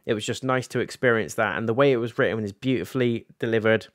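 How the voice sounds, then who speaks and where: Animated man reviewing TV. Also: on the low side, fast talker, no echo, studio quality. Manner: animated, recaps scenes and acts out characters' lines. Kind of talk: casual episode review.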